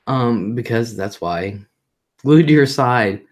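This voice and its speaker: Her voice is very deep with a darkish tone, slow delivery and lively intonation. A middle-aged woman on a casual live stream, she reads comments aloud, tells family stories while repeating points for emphasis, and mimics the people involved.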